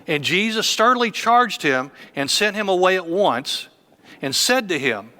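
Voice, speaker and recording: A man's voice: high-pitched, sing-song, unhurried, pushed and bright. A man in his fifties, a church elder preaching a sermon with emphatic, repetitive phrasing.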